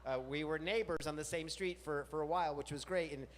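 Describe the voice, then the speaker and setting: A man hosting a live storytelling night, chatty and self-mocking, jumping into silly high voices when he quotes himself. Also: fairly quick. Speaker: host. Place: large music venue with live audience. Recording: long venue reverb, faint room noise.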